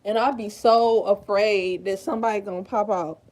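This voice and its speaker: A woman's voice: mid-range voice, fairly even intonation, normal speed, darkish tone, low-quality recording. A woman with a Detroit accent talking casually on a livestream, blunt, profane and rambling. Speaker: livestream host.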